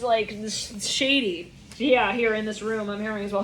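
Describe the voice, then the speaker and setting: A woman's voice: medium pitch, steady tone, moderate pace, a bit bright, a little hiss or hum. A young woman giving a channeled tarot reading, rambling in a stream of consciousness, swearing and laughing often. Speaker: tarot reader.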